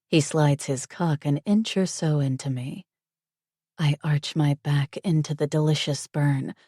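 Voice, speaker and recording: A woman narrating a first-person romance audiobook, intimate and breathy. Her voice sits low and moves slowly, with a dark, mellow tone. The recording is dry and close. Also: dry recording.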